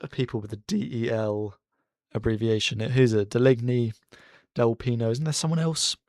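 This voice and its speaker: A man streaming casual live race commentary from his bedroom, chatty and excitable as he cheers drivers on. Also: fairly low pitch, no room sound, clean studio sound. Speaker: streamer hosting a racing watchalong. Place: bedroom at home.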